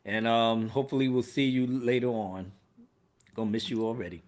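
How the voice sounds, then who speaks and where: A man hosting a live stream in casual chat, animated and laughing, using street slang. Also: medium pitch, moderate pace. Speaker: livestream host.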